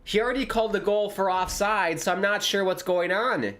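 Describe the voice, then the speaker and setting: Excitable man commentating a football stream. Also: high-pitched, brisk. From United States. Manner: excitable, exclaims loudly at big moments. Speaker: watchalong streamer. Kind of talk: live football watchalong commentary.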